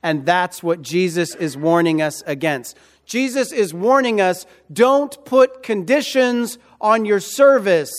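A man preaching in a high, light voice. He speaks slowly and deliberately, repeating key phrases and pressing his listeners with rhetorical questions. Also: animated. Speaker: pastor. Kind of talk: sermon.

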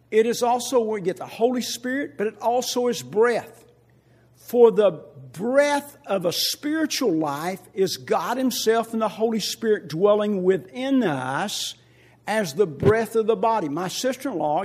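Older male pastor, high husky voice, emphatic sermon with congregation questions. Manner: swings from loud emphatic preaching to quiet asides; repeats key phrases, asks the congregation questions.

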